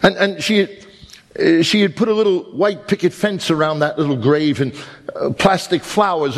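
A man's voice: fairly high pitch, moderate pace, big-room sound. A man preaching a sermon, telling stories with emphatic rises and repeated words. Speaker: pastor.

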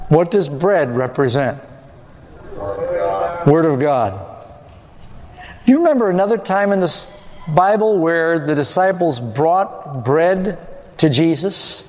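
A man's voice: fairly high pitch, animated, slow pace, long pauses, darkish tone, slight background noise. Preacher man in a reverberant hall. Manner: asks the audience questions and answers them himself. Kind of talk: sermon.

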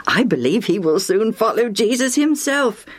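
A woman voicing Mister Legion, a kind, hospitable older man who speaks softly. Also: on the high side, big pitch swings, normal speed, husky, faint music behind, voice pushed up. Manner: warm, soft-spoken.

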